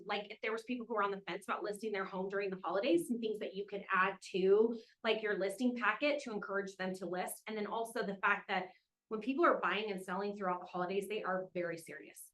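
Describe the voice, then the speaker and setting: A woman's voice: medium pitch, bright, forceful tone, rough recording. A woman hosting a team meeting, reading out award winners in an upbeat way and cheering them on. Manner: upbeat, cheers names with quick whoops. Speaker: meeting host announcing awards.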